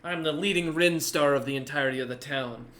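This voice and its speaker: A woman's voice: low voice, fairly quick, fairly bright tone. A man voicing Gertrude, a proud giant craftswoman, playful and gracious in a tabletop game.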